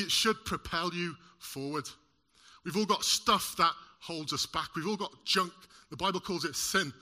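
Bright, lively man preaching a sermon. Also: high-pitched. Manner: animated, uses props and jokes with the congregation. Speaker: lay preacher. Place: church service in front of a congregation.

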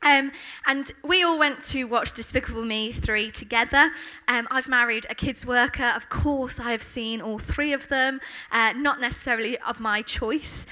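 A woman's voice: fairly high pitch, moderate pace, sharp tone. A woman giving a casual, chatty talk at church, with lots of ums. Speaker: church speaker taking over from her husband.

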